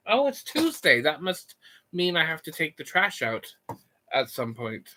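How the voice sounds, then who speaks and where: A man's voice: a little high, expressive, measured pace, pushed and bright, slight background noise. A young man chatting casually on a live stream, rambling, joking and answering his chat. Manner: goofy, rambling, reads chat and jokes.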